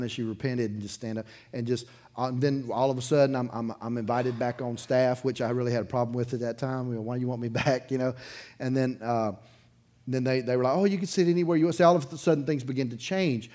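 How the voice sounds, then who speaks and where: A man preaching a sermon as pastor in his church, telling a story in a loose, conversational way, chuckling between sentences and swinging from loud bursts to quiet asides. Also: mid-range voice, a little fast. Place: church sanctuary, in front of a congregation.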